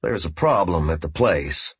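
A man voicing a curt, gruff male handler who talks in terse, coded phrases. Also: deep voice, lively intonation, measured pace, dry recording, full character voice.

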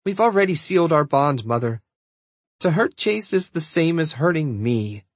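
A man voicing a defiant young shifter princess in an audiobook, talking firmly with a husky voice. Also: a little high, very animated, moderate pace, dry recording. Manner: firm, defiant, rising to outrage. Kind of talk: audiobook character voice.

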